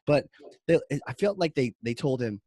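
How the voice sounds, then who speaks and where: A man's voice: mid-range voice, moderate pace, no echo. A man hosting a marketing podcast, telling a story in a casual, rambling way full of "like" fillers. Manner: rambling, animated, many "like" fillers.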